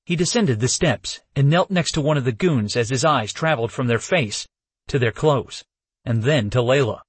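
A male narrator reads a first-person novel with a husky, slightly breathy voice. His pitch moves a lot, so the telling sounds lively, and the recording is dry and close with no room sound. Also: normal speed, dry recording. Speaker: audiobook narrator.

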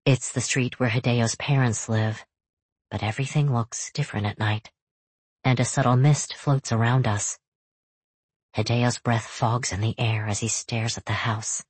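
A narrator reading a first-person novel in a steady, measured storytelling voice. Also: mid-range voice, husky, no echo. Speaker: audiobook narrator.

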